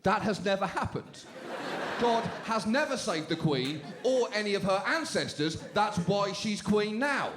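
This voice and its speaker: A British man hosting a stand-up show, delivering jokes with dry deadpan timing on a club stage. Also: high-pitched, a little slow. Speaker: comedy show host. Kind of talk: stand-up comedy. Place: comedy club stage with live audience. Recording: laughing crowd and room noise.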